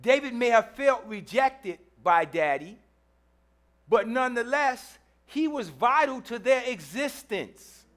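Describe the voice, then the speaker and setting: A male pastor with a high, bright, ringing voice preaches in a church. He tells his story with humor and plays out the voices of the people in it. He repeats phrases again and again to drive a point home. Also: slow pace. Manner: lively storytelling with humor, acting out quotes. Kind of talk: sermon.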